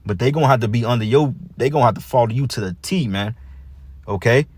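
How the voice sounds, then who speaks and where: A man's voice: medium pitch, fast talker, darkish tone, husky, no room sound. A man giving a blunt, profane street sermon, reading scripture and breaking it down with repeated "man" and "okay". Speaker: preacher.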